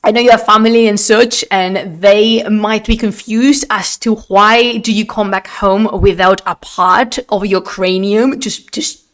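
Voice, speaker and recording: Streamer, woman, mid-pitched, expressive and chatty, laughs a lot. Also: measured pace, few pauses. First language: Spanish. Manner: chatty and expressive, laughs often, slips into Spanish phrases. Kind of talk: casual live-stream chat. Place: at home, streaming on camera. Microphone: desk microphone.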